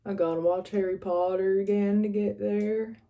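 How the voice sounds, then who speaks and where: A young woman from West Virginia with a mild northern West Virginia accent, chatting casually as she gets ready, rambling and often trailing off quietly. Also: mid-range voice, flat delivery, moderate pace. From West Virginia, USA. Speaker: vlogger. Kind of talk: casual get-ready-with-me chat.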